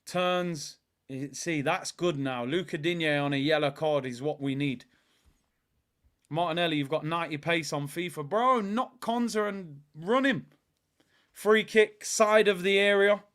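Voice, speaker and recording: A young man calls a football match live as a fan, talking in slang and erupting into shouts at the players. His voice sits high and bright, with a forceful edge. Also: steady tone, a little slow. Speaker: fan watchalong host. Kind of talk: live football watchalong commentary.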